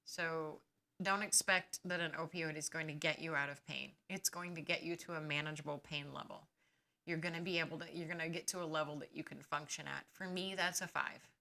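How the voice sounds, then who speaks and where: A woman with a low voice, fairly even intonation, and vocal fry speaks briskly in a pushed, bright tone. Hosting a podcast, she talks casually and bluntly about managing chronic pain from her own experience. Her firm advice grows emphatic, even scolding.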